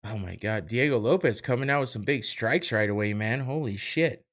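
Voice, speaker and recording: A man's voice: mid-range voice, moderate pace, fairly bright tone. A young man hosting a casual solo podcast, talking over a live fight with rambling, profane, self-mocking chatter and frequent laughs. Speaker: podcast host. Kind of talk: casual solo watch-party commentary.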